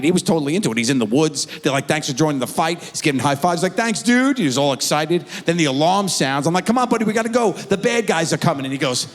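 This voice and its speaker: A middle-aged man performing a stand-up comedy routine, telling a story with animated delivery and acted-out voices. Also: mid-range voice, long reverb tail.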